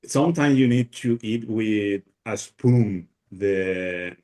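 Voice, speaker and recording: A man's voice: fairly low pitch, a little mellow. A man from Paraguay with a Paraguayan Spanish accent, Spanish his first language, chatting casually on a video call with many restarts and fillers. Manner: halting, many restarts and fillers, laughs often. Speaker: guest speaker.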